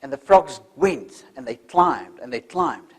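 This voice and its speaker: An older man giving a motivational talk, telling stories in an animated way and acting out voices. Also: mid-range voice, measured pace, breathy edge. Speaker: motivational speaker.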